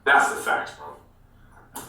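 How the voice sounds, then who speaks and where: Animated man telling a story, echoey room. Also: very slow. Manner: animated, swears freely, says bro a lot. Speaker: interviewee. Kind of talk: casual storytelling interview. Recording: echoey room, mic far off.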